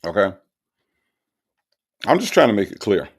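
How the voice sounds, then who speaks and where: A man's voice: fairly low pitch, very animated, moderate pace, husky. A man hosting a show, mocking and emphatic as he reacts to recorded calls and reads viewer comments aloud.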